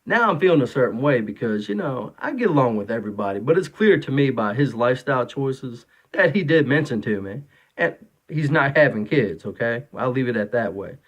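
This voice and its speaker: A man's voice: mid-range voice, expressive, fairly quick. Rambling man venting about fatherhood. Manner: rambling, conversational, many fillers and restarts. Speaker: father of three boys. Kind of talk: casual monologue, opinion vlog.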